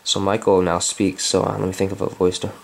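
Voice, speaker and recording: A man's voice: low-pitched, monotone, fairly quick, creaky. A man casually reading a children's book aloud, breaking off into chatty, joking asides. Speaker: reader.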